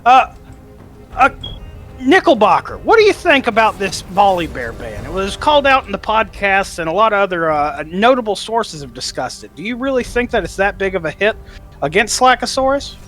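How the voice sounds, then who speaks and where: A bright, high-pitched man hosting an esports analysis desk. He sounds upbeat and keeps tossing questions to his panel. Soft music plays underneath. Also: very animated, normal speed.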